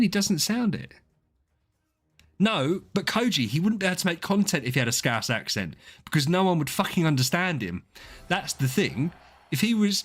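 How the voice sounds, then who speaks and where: A man's voice: a little high, a bit bright. Guy streaming, chatting with his viewers, swears a bit, voice jumps up and down a lot. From southeast England. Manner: chatty, rambling, swears, reads out viewer names. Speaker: game streamer. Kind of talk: casual live-stream chat with viewers.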